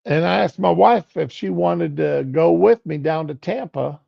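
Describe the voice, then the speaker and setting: A man's voice: on the high side, unhurried, creaky. A middle-aged man giving casual political commentary on a livestream, rambling and conversational. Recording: lo-fi stream audio.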